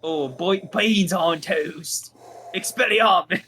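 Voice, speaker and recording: A crude, cheeky British bloke with an overdone, exaggerated fake British accent, as a man puts him on for laughs. He piles on slang in a bright, forceful tone that sits higher than a normal voice. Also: takes it slowly, slight background noise, exaggerated voice. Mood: cheeky mock.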